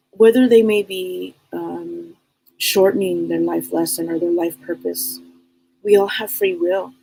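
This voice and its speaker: A woman's voice: fairly low pitch, expressive, slow, gravelly, mellow, husky, low-quality recording. A woman hosting a live broadcast as a psychic medium, talking earnestly in a casual, rambling way and often repeating and restarting her words.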